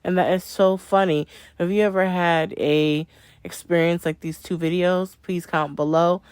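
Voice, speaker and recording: A woman's voice: lowish voice, fairly even intonation, normal speed, darkish tone, clean tone, no echo. A woman hosting a reaction channel with upbeat, simple intro and outro patter. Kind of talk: casual video intro and outro.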